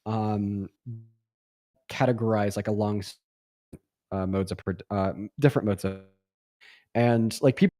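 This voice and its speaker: A man's voice: fairly low pitch, steady tone, a little slow, pauses often, warm tone, no room sound, clean studio sound. A young adult man hosting a livestream debate, casual and rambling with lots of fillers, often sarcastic.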